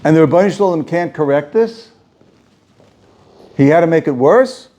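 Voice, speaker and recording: Animated rabbi with a mellow voice. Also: male voice, a little high, moderate pace, dull audio. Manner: animated, rhetorical questioning, repeats phrases for emphasis. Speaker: rabbi teaching a class. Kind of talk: Torah lecture to students.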